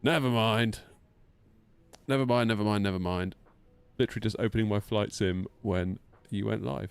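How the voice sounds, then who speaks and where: A man's voice: fairly low pitch, moderate pace, gravelly, smooth. A man streaming a flight sim, chatting casually, teasing himself and answering chat aloud. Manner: chatty, self-mocking, reads chat aloud.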